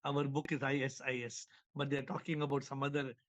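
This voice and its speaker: A man's voice: medium pitch, a little fast. A man giving a spiritual talk over a video call, telling parables with repetitions and chuckles. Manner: animated storyteller, repeats words, chuckles. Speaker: spiritual teacher.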